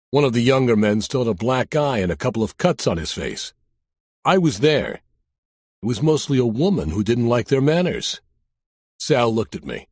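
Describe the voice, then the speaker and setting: A man's voice: mid-range voice, sing-song, moderate pace, darkish tone, slightly rough, no room sound. A man narrating a crime audiobook in the first person, with a dry, wry storytelling manner.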